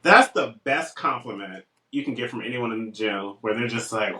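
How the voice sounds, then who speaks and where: A man's voice: fairly low pitch, moderate pace, hardly any pauses, echoey room, recorded from a distance, low-quality recording. A young man co-hosting a casual podcast, telling stories and acting out what people said to him. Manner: animated storytelling, acts out quotes. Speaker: podcast co-host.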